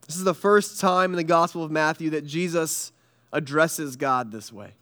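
A man with a high, smooth, clear voice preaches a sermon. He speaks earnestly, leaving pauses and letting his voice fall quiet and low on the weightiest lines. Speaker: pastor.

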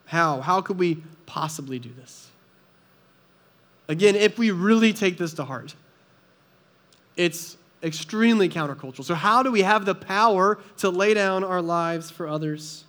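A man's voice: sits high, unhurried, a bit bright. A man preaching a sermon in an earnest, conversational way, often asking the listeners rhetorical questions. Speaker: pastor.

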